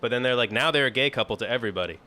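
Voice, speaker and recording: A man with a bright, forceful edge to his voice talks on a casual comedy podcast. He is blunt and a little crude, wandering through his points with plenty of filler words. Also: medium pitch, very fast. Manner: blunt, profane, rambling with many "like"s.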